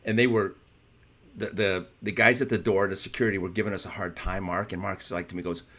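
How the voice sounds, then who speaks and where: Man, middle-aged, fairly low voice, candid, self-mocking, casual chat. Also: flat delivery, a little fast, a bit bright. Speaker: martial arts instructor on a discussion panel.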